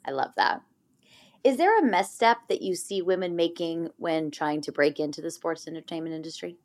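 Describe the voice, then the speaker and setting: A woman hosts the interview, asking her questions calmly and affirming her guest's answers. Her voice sits slightly low and tends to drop softer at the ends of her lines. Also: normal speed. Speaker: podcast host.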